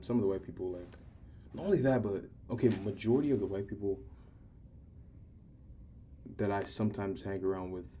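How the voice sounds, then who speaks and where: A man's voice: low-pitched, dark tone, slight background noise. A teenage guy in casual chat, talking candidly and rambling with frequent restarts. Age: teens.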